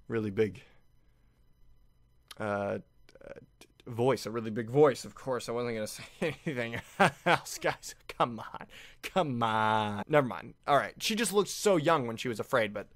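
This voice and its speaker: A man giving casual reaction commentary on an anime finale, excitable and often laughing. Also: mid-range voice, unhurried, pauses often, no echo. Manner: excitable, laughing, with frequent restarts.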